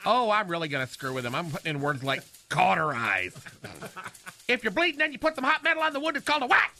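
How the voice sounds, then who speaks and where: A man's voice: high voice, big pitch swings, fast, noisy background. A man playing a flamboyant, theatrical gay character in a radio comedy sketch, talking in a sing-song, gossipy way. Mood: gleeful scheming. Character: flamboyant campy gay man, chatty and dramatic.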